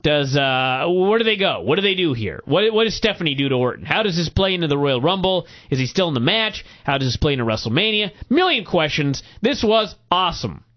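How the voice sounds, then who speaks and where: A man hosting a podcast, recapping a wrestling show in casual, profane, animated chat. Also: fairly high pitch, brisk, hardly any pauses. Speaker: podcast host. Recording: muffled lo-fi recording.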